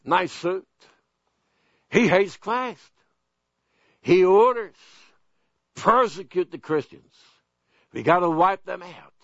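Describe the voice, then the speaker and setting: Slow, emphatic male preacher, lo-fi. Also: on the high side, fairly bright tone, dry recording. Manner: emphatic, deliberate preaching with pointed questions. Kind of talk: sermon. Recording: dull, dry lo-fi sound.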